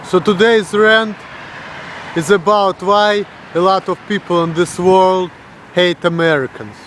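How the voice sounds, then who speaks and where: A man's voice: high voice, fairly even intonation, measured pace, fairly bright tone, a little hiss or hum. A young Russian man with a Russian accent, ranting bluntly and crudely on a vlog. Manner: blunt, crude, mocking the voices of others. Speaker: vlogger. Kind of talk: blunt profane rant.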